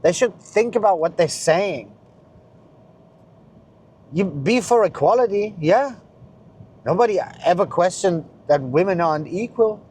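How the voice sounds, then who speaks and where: A middle-aged man ranting in a blunt, profane monologue, swinging between loud outbursts and muttering. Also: high voice, animated, measured pace, pauses often, slightly rough. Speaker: vlogger.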